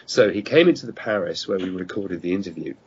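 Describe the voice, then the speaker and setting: A man's voice: low-pitched, animated, fast talker, a little mellow, husky. A middle-aged man telling rambling anecdotes as a guest, often stopping to correct himself. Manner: rambling storyteller who restarts and corrects himself. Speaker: guest, radio producer. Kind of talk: casual chat, anecdotes. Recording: muffled online call audio.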